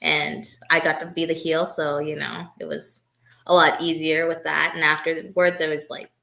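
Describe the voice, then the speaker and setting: A young woman wrestler answering interview questions in a soft, hesitant way, with many fillers. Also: sits low, flat delivery, normal speed, vocal fry, echoey room. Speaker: wrestler guest.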